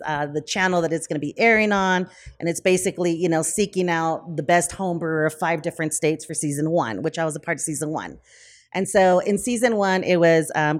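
A woman with a somewhat low voice tells a story in a podcast interview. She talks casually with lots of fillers and restarts. She jumps up in pitch whenever she acts out what other people said. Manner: lively, acts out quoted dialogue in higher voices; frequent fillers, self-corrections. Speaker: brewery owner, podcast guest.

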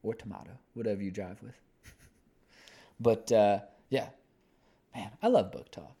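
A man in his twenties co-hosts a podcast in a lowish, slightly slow voice that is creaky, dark, and husky. He talks casually and laid-back, rambling with plenty of fillers.

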